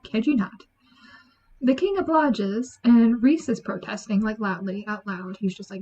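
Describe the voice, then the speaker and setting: A woman giving a chatty, animated book review, acting out lines from the story. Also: a little high, normal speed. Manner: chatty, animated, acts out quotes. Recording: dull lo-fi sound.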